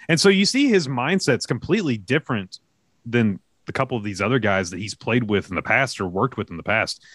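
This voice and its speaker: A man's voice: medium pitch, no echo. A middle-aged man co-hosting a podcast, telling stories and acting out dialogue in casual chat. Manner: animated storytelling, acts out dialogue. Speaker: podcast co-host, youth soccer coach.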